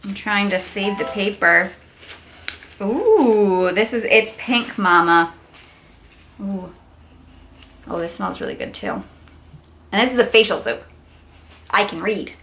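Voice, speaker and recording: Young woman, vlogger, gift unboxing, gushing, very lively pitch, slow-paced. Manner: gushing, squealing exclamations. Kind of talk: unboxing vlog.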